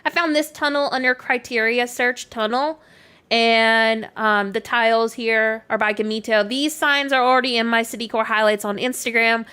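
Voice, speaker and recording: A woman's voice: on the high side, steady tone, normal speed, pushed and bright, smooth. Chatty Canadian woman with a Southern twang. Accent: Canadian mixed with American Southern. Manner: chatty, reads and answers chat, many "like" fillers. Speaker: game streamer. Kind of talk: casual live-stream chat.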